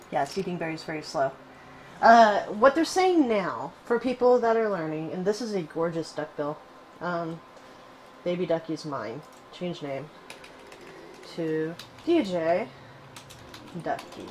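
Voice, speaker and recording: A woman hosting casual gameplay commentary, chatty and excitable, cooing fondly at her in-game pet. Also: mid-range voice, slight background noise, low-quality recording. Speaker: gaming channel host.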